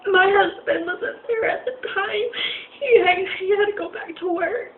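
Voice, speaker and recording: A young woman telling a personal story on a vlog, halting and often near tears, with many fillers and restarts. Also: very high voice. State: crying at times. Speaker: vlogger. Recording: tinny phone-like recording with faint noise.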